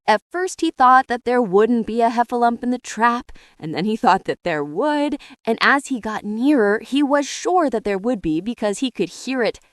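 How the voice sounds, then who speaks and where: A woman narrating a children's storybook in a lively, expressive way. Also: on the high side, moderate pace, few pauses, no room sound, studio quality. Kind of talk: storybook reading.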